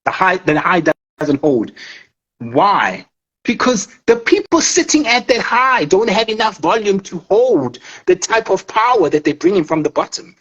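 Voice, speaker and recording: Emphatic husky man. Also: high-pitched, very animated, a little slow, fairly bright tone, muffled recording. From South Africa. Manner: emphatic, swears, keeps checking in with the listener. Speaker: forex trader. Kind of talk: casual explanatory interview talk.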